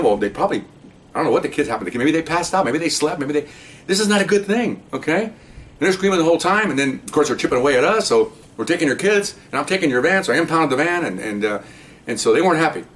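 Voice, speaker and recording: An older man, a retired police officer, telling a story in a rambling, casual way and often adding "okay?". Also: fairly bright tone. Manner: rambling, tags remarks with "okay?". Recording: distant mic, faint rumble.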